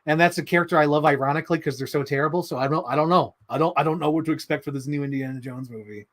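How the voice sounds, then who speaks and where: A man's voice: fairly high pitch, racing, a bit bright. A man hosting a live stream, chatting casually in a rambling, opinionated way and swearing often. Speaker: livestream host.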